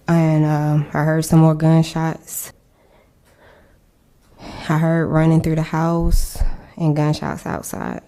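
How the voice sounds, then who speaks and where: A woman recounting a personal ordeal in an interview, halting and searching for words. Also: deep voice, creaky, warm tone. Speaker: survivor interviewed.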